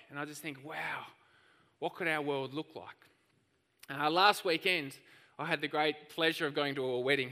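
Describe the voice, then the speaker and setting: Bright-voiced preacher in a church hall. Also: male voice, medium pitch. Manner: animated storytelling preacher. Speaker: pastor. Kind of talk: sermon.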